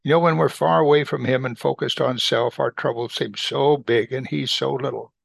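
Reading Bible verses slowly and explaining them, this man repeats phrases for emphasis in a deliberate teaching style. His voice is medium-pitched and creaky with fairly even intonation, and there's no echo.

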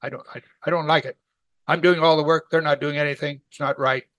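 A man's voice: takes it slowly, vocal fry, sharp tone, dry recording, full character voice. A man voicing an overworked woman who complains indignantly that she is left to do all the work alone. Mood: whining. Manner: shrill, pleading, exasperated.

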